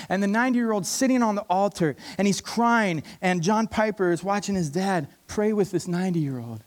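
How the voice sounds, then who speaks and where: Man, preacher, sermon, passionate, emphatic, repeats himself, slightly high pitch.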